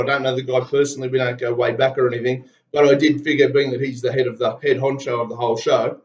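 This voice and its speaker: A man with an Australian accent delivering heated, blunt and profane political commentary. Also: a little high. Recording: roomy, dull lo-fi sound.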